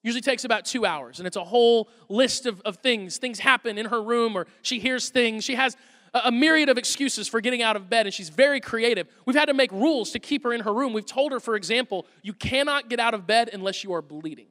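A man's voice: very high-pitched, brisk, a bit bright. A man in his thirties preaching an Easter sermon as pastor, telling funny stories about his kids with self-deprecating asides. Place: church auditorium. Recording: long reverb of a large hall.

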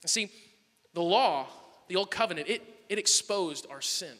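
Man, pastor, sermon storytelling, very bright tone, animated delivery, long hall reverb. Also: sits high, unhurried. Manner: animated, swings from loud bursts to soft asides.

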